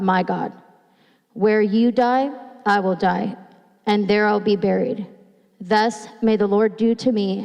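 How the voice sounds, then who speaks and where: A woman pastor giving a sermon in a church, reading scripture slowly and retelling it, sounding nervous and restarting phrases. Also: mid-range voice, a little mellow, lo-fi sound. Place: church sanctuary. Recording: long hall reverb.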